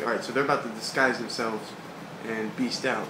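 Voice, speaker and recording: A man's voice: mid-range voice, fairly even intonation, a little fast. A man reading a comic aloud in a casual read-along, laughing often and swearing freely. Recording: echoey room with background noise.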